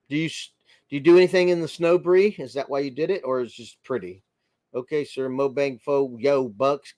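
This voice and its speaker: A man's voice: medium pitch, no echo. Chatty man hosting a dry-sounding livestream. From United States. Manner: friendly, chatty, greets viewers by name and muses aloud. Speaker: livestream host. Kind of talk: casual livestream chat reading viewer comments.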